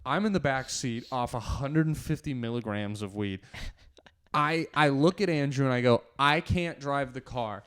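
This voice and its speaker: A man hosting a casual podcast tells a wild tour story. He laughs as he goes and puts on the voices in it, with a middle pitch and an easy, conversational pace. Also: moderate pace, smooth. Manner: loose, laughing storyteller who acts out dialogue. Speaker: podcast host.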